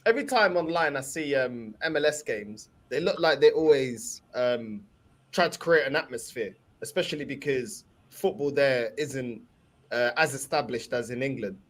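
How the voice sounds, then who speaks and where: A man's voice: medium pitch, animated, moderate pace. A man asking a question in a casual chat, with hesitant fillers. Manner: laughs often, asks questions with fillers.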